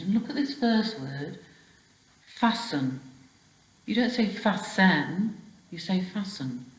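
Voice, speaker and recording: A primary school teacher with a voice on the low side leads a children's spelling lesson, explaining patiently step by step and checking understanding with questions. The recording is reverberant and low in quality.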